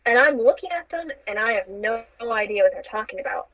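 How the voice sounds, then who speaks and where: A woman's voice: a little high, a little fast, dry recording, rough recording. Playful young woman telling a story. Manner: animated, acts out quotes with playful asides and laughs. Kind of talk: casual storytelling chat.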